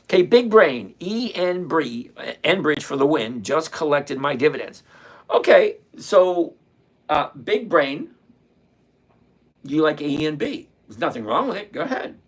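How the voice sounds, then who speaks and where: Husky sixty-something man chatting on a livestream. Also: fairly high pitch, unhurried. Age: 60s. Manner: relaxed, chatty, laughs often, talks to chat by name. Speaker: livestream trading host. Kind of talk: casual livestream chat reading viewer comments.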